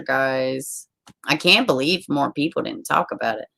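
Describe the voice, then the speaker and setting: A woman's voice: extremely low pitch, lively intonation, measured pace, gravelly, pushed and bright. A woman streamer rambling casually to her viewers, swearing often and trailing off mid-thought. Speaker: live streamer.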